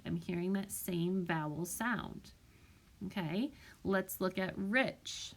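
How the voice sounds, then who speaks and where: A woman teacher giving a recorded spelling lesson to young children, patiently sounding out each word. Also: on the low side. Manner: slow, patient, sounds words out carefully. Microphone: tablet microphone.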